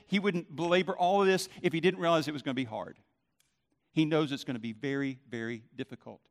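A man's voice: on the high side, fairly quick. A man, a pastor, preaching a sermon in an emphatic, conversational way.

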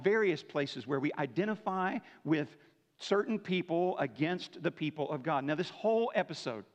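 A man preaching a sermon to his church in a casual, conversational way, checking in with listeners by asking "right?" often. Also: on the high side. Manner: conversational preaching, frequent "right?" tag questions. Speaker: pastor. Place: church sanctuary. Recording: dull lo-fi church hall recording.

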